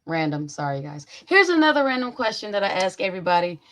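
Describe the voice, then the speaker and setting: Woman, young adult, podcast host, casual chat, animated, swears a lot, video call. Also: medium pitch, fast. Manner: animated, profane storytelling.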